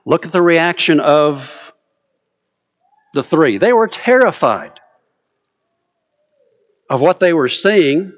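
A man with a Southern US accent delivers a sermon in a somewhat high voice. He brings scripture alive with animated, dramatic quoting. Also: slow, pauses often. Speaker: preacher.

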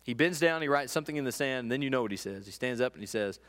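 An earnest man preaching a sermon in a church hall. His voice sits at a middling pitch and carries a long, lingering reverb. He slows and softens for quiet stretches, then builds to emphatic peaks. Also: lively intonation. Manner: earnest, with quiet, slow passages and rising emphatic ones.

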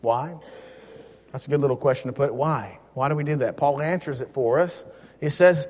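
A man teaching a Bible lesson in a relaxed, joking way, leaning hard on key words. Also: medium pitch, moderate pace, in a large hall.

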